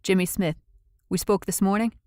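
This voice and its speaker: An eager young man with a thick Long Island accent, as a woman reader puts him on, pushing a little too hard as he talks up his find. The voice sits slightly raised and brighter than the narration around it. It stays mellow and dry, as in a quiet booth. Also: high-pitched, steady tone, moderate pace, no echo, lightly acted.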